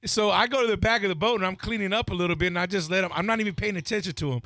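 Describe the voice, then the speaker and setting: Male radio host, animated laughing storyteller, dry close mic. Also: sits high, rapid-fire, no room sound. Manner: animated storyteller, laughs often, says bro. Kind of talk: casual radio chat.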